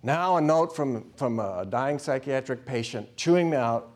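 A man's voice: mid-range voice, lively intonation, normal speed. A middle-aged man, a former hospital chaplain, telling a story to a class, dropping to whispers and acting out voices. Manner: dramatic, drops to whispers and acts out voices.

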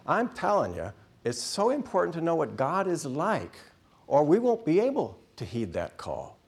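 Animated, husky-voiced preacher. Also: male voice, fairly high pitch, normal speed. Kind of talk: sermon.

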